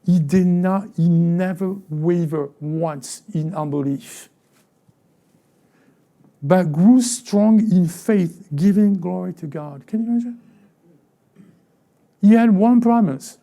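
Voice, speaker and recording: A male pastor delivering a sermon in a church, his voice gravelly and very dark. He fires rhetorical questions at the congregation and slips into brief acted-out voices of the people he describes, and he often repeats and restarts his phrases. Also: high-pitched, slow pace, long pauses. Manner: acts out short quoted voices, asks the congregation rhetorical questions. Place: church sanctuary.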